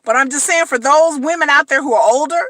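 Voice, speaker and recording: A woman delivers a blunt, slangy vlog commentary, hammering her points home with repetition. Her voice sits high and sounds bright and forceful. The recording is dry and close. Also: quick pace, dry recording. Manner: blunt, emphatic, slangy, repeats phrases. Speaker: reality TV commentator.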